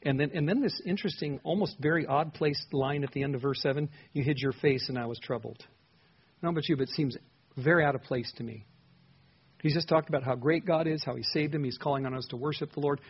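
A man with a somewhat husky voice preaches a sermon in a relaxed, conversational way. He walks through a psalm and speaks its prayers aloud as if in the writer's own voice. The recording sounds slightly dull and lo-fi. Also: a little high, fast. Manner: conversational Bible teaching, voicing the psalmist's prayers with rising emotion. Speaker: pastor.

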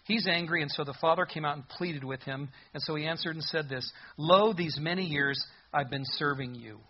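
A man preaching a sermon as a pastor, animated, acting out the voices from the passage as he goes. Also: on the high side, normal speed, slightly rough, lo-fi sound.

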